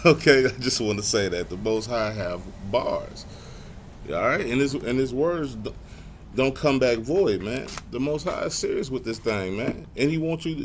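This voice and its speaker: A man teaching a Bible lesson in a casual way. He reads verses slowly and clearly, then comments in loose everyday speech full of "man" and "y'all". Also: fairly low pitch, a little hiss or hum.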